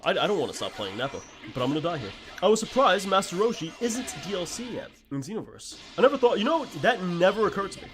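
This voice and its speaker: Guy streaming games, talks blunt and animated, kinda high voice, bit of music in the background. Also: fast, hardly any pauses. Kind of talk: casual gameplay commentary.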